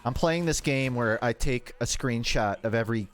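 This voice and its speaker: A man's voice: medium pitch, normal speed, a little hiss or hum. Rambling, self-mocking male streamer. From United States. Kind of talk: casual gaming livestream chat.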